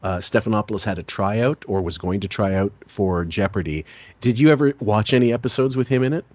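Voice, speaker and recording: A man's voice: fairly low pitch, a little fast, darkish tone, no room sound. A man co-hosting a podcast, chatting casually and cracking profane jokes. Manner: joking, profane, laughs often. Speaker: podcast co-host.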